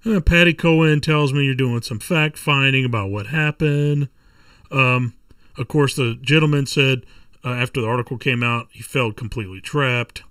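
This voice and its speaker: A man hosting a podcast, reading a letter aloud with his own comments, halting and full of fillers. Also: mid-range voice, a bit bright, far from the mic. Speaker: podcast host.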